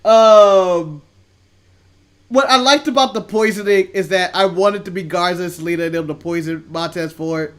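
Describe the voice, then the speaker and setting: A man's voice: high-pitched, moderate pace, a bit bright, clear, resonant tone. A man co-hosting a casual chat show, laid-back and opinionated, rambling through his takes. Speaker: co-host.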